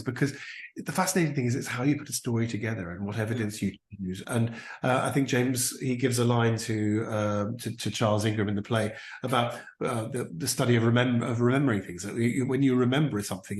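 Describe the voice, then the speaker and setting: A man, an impressionist, chatting in an animated way in an interview and slipping into brief voices. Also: medium pitch, echoey room. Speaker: impressionist and actor, interview guest. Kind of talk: casual interview chat.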